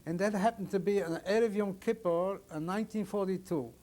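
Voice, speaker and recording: A man in his sixties giving oral history testimony as a survivor, telling his story plainly and haltingly, often restarting his sentences. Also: sits high, a little mellow. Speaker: Holocaust survivor interviewee.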